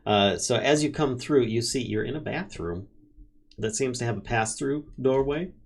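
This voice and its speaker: Game master, male, mid-pitched narrator, laughs easily, restarts mid-line. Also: lively intonation, moderate pace, gravelly. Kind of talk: narrating a tabletop game over a stream.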